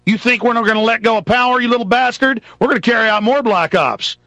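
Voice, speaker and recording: A man's voice: extremely high pitch, quick pace, sharp tone, no echo, voice pushed up, heavily acted. A man mocking as a sneering, taunting establishment mouthpiece. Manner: taunting, insulting.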